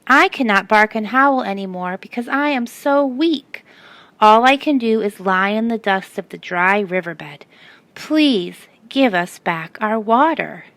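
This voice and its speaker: A woman's voice: mid-range voice, expressive, measured pace, a bit bright, no echo. A woman voicing a weak male dingo who begs for water in a storybook reading. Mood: pleading. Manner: pleading, weary.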